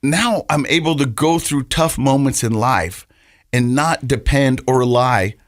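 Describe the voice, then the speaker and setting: A middle-aged man co-hosting a podcast, telling a personal story in an earnest, halting way and often repeating his words. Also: mid-range voice, no room sound, clean studio sound. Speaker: podcast co-host.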